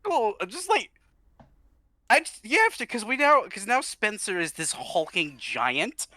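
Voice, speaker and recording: Jokey male player, bright sharp voice, swings all over in pitch. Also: a little slow, no echo. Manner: animated, jokey, laughs a lot. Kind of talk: casual chat at a game table.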